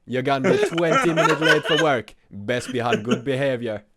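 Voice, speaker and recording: A man's voice: mid-range voice, moderate pace, a loud crowd, natural voice. A man doing a put-on Jamaican accent, playing a jokey roadman giving sat-nav directions. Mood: playful.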